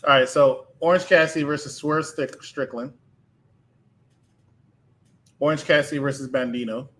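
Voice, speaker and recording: A man's voice: on the high side, fairly even intonation, moderate pace, fairly bright tone. A man co-hosting a wrestling podcast, talking in an emphatic, ranting way with bursts of laughter. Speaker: podcast co-host. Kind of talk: casual wrestling chat.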